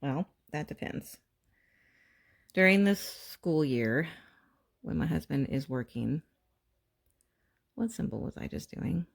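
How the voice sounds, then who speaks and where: A middle-aged woman from Texas talks casually to her viewers while working on a craft project at home. Her voice sits low and has a gravelly edge. She tells family stories at length and jumps her voice up to play out each person's lines. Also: lively intonation, takes it slowly, long pauses. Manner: chatty storyteller, acts out family dialogue with raised voice. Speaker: crafting channel host.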